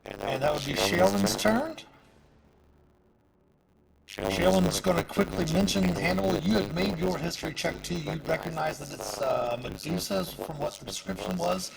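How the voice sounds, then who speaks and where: A man's voice: high voice, animated, moderate pace, gravelly, over a noisy crowd, rough recording. A man narrating as game master in casual, filler-heavy speech. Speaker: dungeon master.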